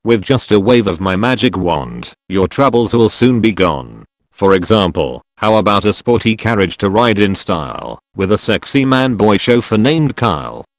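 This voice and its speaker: A sugary, meddling fairy godmother, as a low synthetic male voice reads her. The machine delivery is flat but its pitch leaps around, with a dry close sound. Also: normal speed, no echo. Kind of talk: text-to-speech script reading.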